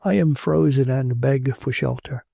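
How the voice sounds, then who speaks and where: A man's voice: medium pitch, measured pace, vocal fry, warm tone, slightly rough, no echo, clean studio sound, full character voice. A man voicing a timid, tender young woman who pleads for shelter, in an audiobook reading. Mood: coaxing.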